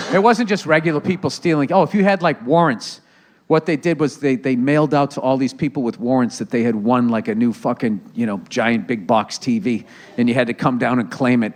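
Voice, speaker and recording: A man's voice: mid-range voice, a little fast. A man hosting a live podcast taping on stage, riffing sarcastically and profanely with the audience. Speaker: comedian host of a podcast. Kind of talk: live stand-up podcast taping with crowd work.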